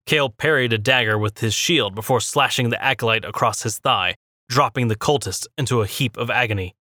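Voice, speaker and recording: A man narrating a fantasy story in a steady, measured reading. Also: medium pitch, no room sound, studio quality. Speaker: audiobook narrator.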